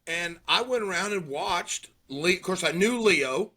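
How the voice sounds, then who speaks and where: A man's voice: high voice, unhurried. A middle-aged man telling stories in a casual chat, acting out what people said. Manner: animated storyteller, acts out quotes.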